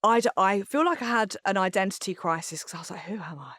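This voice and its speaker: A woman talking as a podcast guest, candid and chatty, rambling with plenty of fillers. Her voice is smooth and clear, recorded dry and close in a studio. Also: mid-range voice, expressive, fast talker, a bit bright, no echo. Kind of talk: casual chat.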